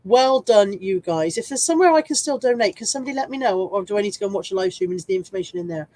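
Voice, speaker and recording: A woman's voice: medium pitch, expressive, very fast, a little mellow. A woman hosting a casual live stream while full of a cold, chatting, rambling and poking fun at herself as she greets viewers by name. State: congested with a cold, coughing.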